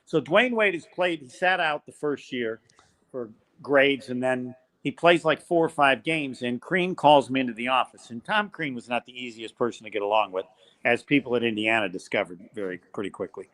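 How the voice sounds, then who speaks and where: An older man, a college basketball play-by-play announcer, telling animated stories as a podcast guest. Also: medium pitch, normal speed. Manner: animated storyteller, acts out quoted voices. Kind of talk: storytelling in a podcast interview.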